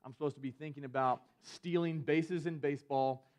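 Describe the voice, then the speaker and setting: A man's voice: on the high side, fairly even intonation, fairly quick, darkish tone. A young man, a student ministry pastor giving a conversational youth sermon, full of "like" fillers as he retells a personal story. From Georgia.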